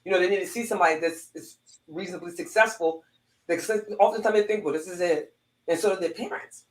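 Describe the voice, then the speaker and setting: A woman's voice: lowish voice, fast talker, echoey room, poor audio. A woman, a former police corporal, telling a heartfelt personal story with lots of restarts and repeats.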